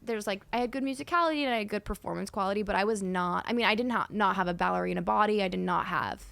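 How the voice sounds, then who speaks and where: A woman's voice: mid-range voice, fast, creaky, a bit bright, no echo. A young woman comedian chatting as a podcast guest, rambling and self-deprecating with frequent laughs. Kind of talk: casual podcast chat.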